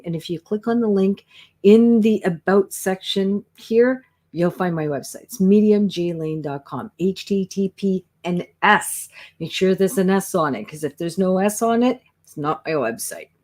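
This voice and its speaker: A woman from Canada hosting a psychic livestream, chatting warmly and greeting viewers by name with lots of exclamations. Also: medium pitch.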